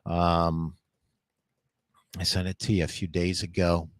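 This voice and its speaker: An older man hosting a live question-and-answer show, giving business advice in a slow, measured way. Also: low voice, level tone, no room sound. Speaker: show host and retail consultant.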